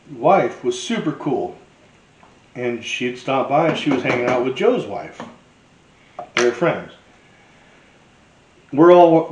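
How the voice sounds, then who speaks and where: A man's voice: mid-range voice, a little mellow, roomy sound, rough recording. A man hosting a cooking show, telling a rambling, profane story and laughing as he cooks. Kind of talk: casual storytelling while cooking.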